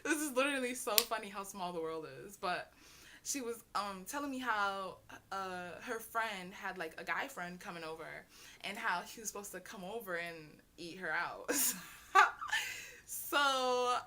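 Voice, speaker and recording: A young adult woman telling a storytime vlog in a chatty, slangy, animated way, bursting into shrieks. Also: mid-range voice, unhurried. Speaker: vlogger.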